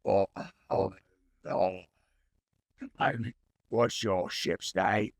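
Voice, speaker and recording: Brief: man playing a deep-voiced, stammering lanternfish dockmaster, slow and businesslike. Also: steady tone, no echo, clean studio sound, exaggerated voice. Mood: flustered. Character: small fanged male lanternfish dockmaster.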